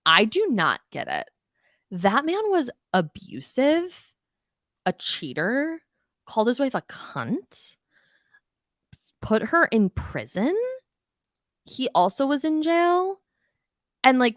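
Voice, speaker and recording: A woman's voice: mid-range voice, a bit bright, dry recording, studio quality. A woman hosting a podcast, ranting bluntly and profanely in a casual recap of reality TV. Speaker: podcast host.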